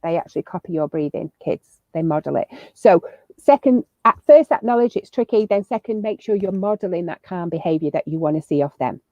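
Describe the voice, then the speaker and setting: A woman's voice: fairly low pitch, expressive, brisk, dry recording. A woman giving chatty, upbeat parenting advice as a guest on a video call, with lots of fillers and restarts. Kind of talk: casual advice chat. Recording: slightly muffled lo-fi audio.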